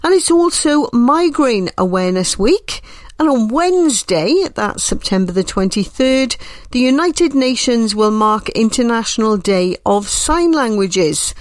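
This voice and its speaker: A woman's voice: on the high side, expressive, measured pace. Slightly nasal woman presenting radio. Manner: gentle and reassuring. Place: home.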